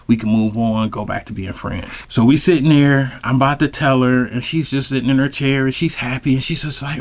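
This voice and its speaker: A man's voice: medium pitch, fairly quick, hardly any pauses. A man telling a comic personal story in a loose, rambling, slang-heavy way, often turning to address his listeners directly. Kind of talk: comedic storytelling.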